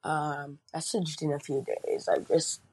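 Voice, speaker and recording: A man leaves a rambling, apologetic voice message, filling gaps with ums. He talks very slowly in a mellow, dark tone, close and dry. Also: fairly high pitch, steady tone, husky, no room sound. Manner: rambling, apologetic, many fillers. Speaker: caller. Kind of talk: casual voice message.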